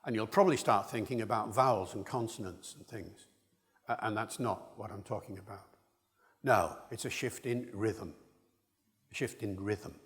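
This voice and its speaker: A man's voice: on the low side, moderate pace, fairly bright tone. A man giving a public lecture, acting out the rhythms of speech to illustrate his points. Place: large lecture hall. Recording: long hall reverb.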